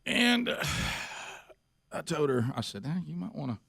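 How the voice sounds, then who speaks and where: Speaking in a slightly high, creaky, somewhat rough voice, a radio host tells casual stories at a measured pace, animatedly performing each person he describes. The recording is clean studio sound with no room tone.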